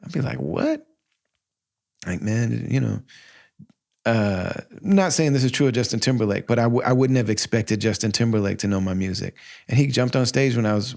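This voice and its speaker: A man in his forties, hosting a podcast and telling a personal story in a casual, heartfelt way, often quoting himself in lively asides. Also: lowish voice, gravelly. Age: 40s. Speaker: podcast host.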